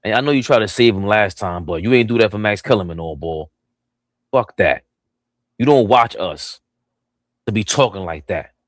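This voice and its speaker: A man's voice: on the low side, expressive, normal speed, pauses often, dry recording, studio quality. A man hosting a sports talk stream, ranting in a heated, profane way. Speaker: host.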